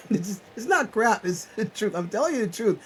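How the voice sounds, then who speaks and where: A man from South Carolina hosting a live chat at his home computer, rambling and preaching, swinging from loud insistence to muttered asides. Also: high voice, sing-song, normal speed, a little hiss or hum, low-quality recording. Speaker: channel host on a live chat. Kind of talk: rambling preachy livestream talk. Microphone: computer webcam mic.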